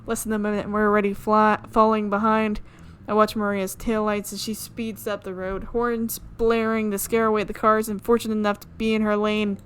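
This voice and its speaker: A woman streamer reading a visual novel aloud, amused and quick to laugh. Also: mid-range voice, level tone, clear, resonant tone. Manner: amused, reads with frequent laughs.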